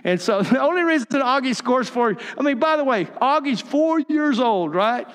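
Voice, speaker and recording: A man's voice: very high-pitched, animated, moderate pace, a bit bright, clear, resonant tone, big-room sound. An older man preaching a sermon, telling folksy stories with chuckling asides. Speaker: pastor.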